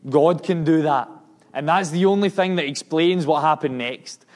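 A Scottish man preaches to a congregation, his voice sitting a little high for a man. He talks earnestly and with emphasis, often restarting his words as he reports on his mission work. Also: normal speed.

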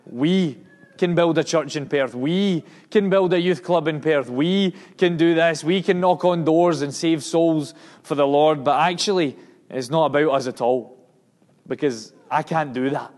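A man's voice: fairly high pitch, a little slow, darkish tone. A man with a Scottish accent giving a sermon and mission report to a congregation, earnest and emphatic, often restarting his words. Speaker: missionary preacher.

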